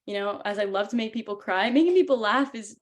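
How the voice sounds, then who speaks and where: A woman's voice: medium pitch, lively intonation, fast talker. A woman hosting an interview and chatting in an enthusiastic, casual way. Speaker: host.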